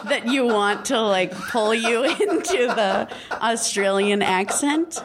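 A woman's voice: fairly high pitch, expressive, slow, a loud crowd. Playful, jokey woman guest. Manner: playful, jokey, many "like" fillers, laughs often. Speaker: guest, comedic performer. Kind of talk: casual chat.

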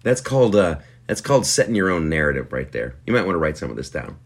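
A man's voice: a bass voice, sing-song, fast talker, vocal fry. A man hosting his podcast in a rambling, self-mocking comic monologue full of fillers and restarts. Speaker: podcast host. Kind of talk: casual comedic monologue.

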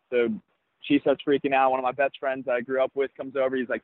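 A young adult man, a baseball player, telling a personal story in an interview in an earnest, reflective way with halting restarts. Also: mid-range voice, fairly even intonation. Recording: tinny phone-like, dry sound.

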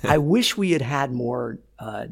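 A man, an actor being interviewed, telling lively behind-the-scenes stories and acting out what people said. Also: medium pitch, unhurried, gravelly, breathy edge. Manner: animated storyteller, acts out quotes. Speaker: actor guest. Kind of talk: casual interview chat.

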